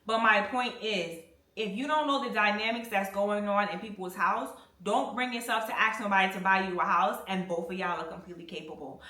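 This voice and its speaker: Young woman vlogging storytime, bright forceful voice, candid and slangy, echoey bathroom a bit off mic. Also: medium pitch, fairly quick, distant mic. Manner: candid, slangy, animated retelling. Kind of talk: casual storytime while cleaning. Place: home bathroom.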